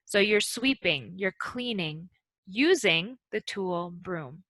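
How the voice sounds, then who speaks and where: A woman gives a slow, carefully paced English lesson with a bright, clear voice. She patiently models example questions and sentences. The sound is dry and close, with no room around it. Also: medium pitch, lively intonation, no room sound. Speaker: English teacher.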